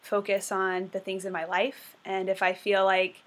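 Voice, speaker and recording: A woman's voice: medium pitch, monotone, moderate pace. A woman in a casual chat with friends, talking reflectively and laughing easily.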